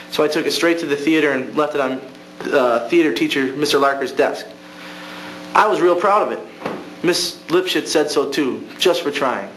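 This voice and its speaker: A young man performing an amateur monologue as a student, telling a story in a halting, wistful way with restarts. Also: medium pitch, fairly bright tone. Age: young adult. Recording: echoey room with faint hum.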